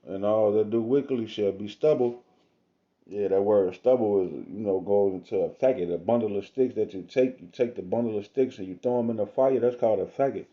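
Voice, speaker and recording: A man reading scripture aloud in a casual, slangy manner, with drawn-out asides between the verses, recorded on a phone or webcam. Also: on the low side, highs cut off. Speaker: self-styled preacher.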